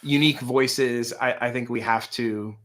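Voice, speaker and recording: A man with a voice made hoarse by allergies, co-hosting a casual live show from home, chatty and self-deprecating. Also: mid-range voice, steady tone, unhurried, fairly bright tone. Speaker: co-host. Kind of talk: casual chat.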